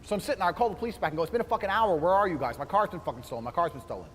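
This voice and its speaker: A man's voice: high-pitched, animated, racing, in a large hall, slight background noise. A man telling an indignant, swear-filled story and acting out what the other people said. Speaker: storyteller in a played clip. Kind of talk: profane animated anecdote.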